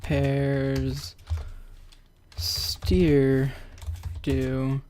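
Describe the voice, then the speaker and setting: A man hosting a casual coding tutorial, rambling goofily and reading code out loud while slightly out of breath. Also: medium pitch, completely flat delivery, drawn-out words, a little hiss or hum. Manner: goofy, rambling, narrates code aloud while typing. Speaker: Roblox scripting tutorial host. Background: keyboard typing.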